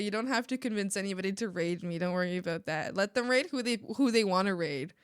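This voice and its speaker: A young woman from Mexico chatting casually on an art stream, animated and ranting, laughing often and swearing casually. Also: mid-range voice, quick pace, clear, resonant tone, dry recording, studio quality. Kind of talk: casual live-stream chat.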